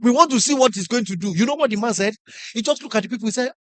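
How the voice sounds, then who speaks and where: A middle-aged man with a Nigerian English accent giving a lively motivational talk to teachers, acting out classroom stories and putting questions to the audience. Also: extremely high pitch, racing, dry recording. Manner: animated storyteller, acts out classroom scenes, asks the audience questions. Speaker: conference speaker.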